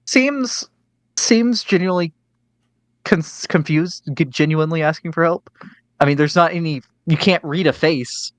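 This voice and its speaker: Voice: mid-range voice, unhurried, dry recording. Hesitant game master in a dry room. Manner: hesitant, filler-heavy narration. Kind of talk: narrating a tabletop game.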